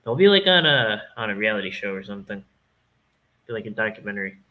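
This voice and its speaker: A man's voice: fairly low pitch, sing-song, quick pace, bright, forceful tone, poor audio. A man with a Canadian accent chatting casually on a stream, rambling, joking and swearing freely. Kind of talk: casual chat.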